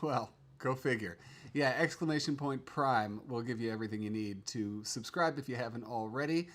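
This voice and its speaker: A man's voice: medium pitch, normal speed, fairly bright tone. A man hosting a casual livestream from a home studio, chatting loosely, trailing off and restarting his sentences. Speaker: livestream host.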